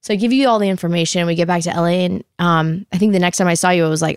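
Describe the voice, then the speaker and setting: A woman in her thirties tells stories in a casual chat, scattering "like" through every sentence and acting out each quote. Her voice sits at a middling pitch. It is recorded close on a mic in a dry room with no echo. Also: racing, few pauses, smooth. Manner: animated storyteller, heavy "like", acts out quotes.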